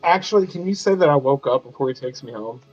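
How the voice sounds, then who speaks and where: A man's voice: mid-range voice, expressive, fast talker, slightly rough. Casual man playing at the table. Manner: casual, chatty, laughs easily. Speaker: player. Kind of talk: tabletop role-play. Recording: muffled audio with background music.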